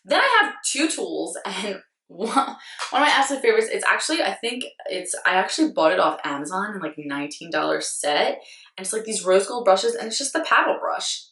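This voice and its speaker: A young woman with a slightly hoarse voice chats about makeup in a loose, rambling way, full of fillers and jokes at her own expense. She sits a little back from the mic, and the room adds a noticeable echo. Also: medium pitch, big pitch swings, fairly quick, a bit bright, far from the mic. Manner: chatty, rambling, self-deprecating, lots of "like". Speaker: beauty vlogger. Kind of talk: casual product review.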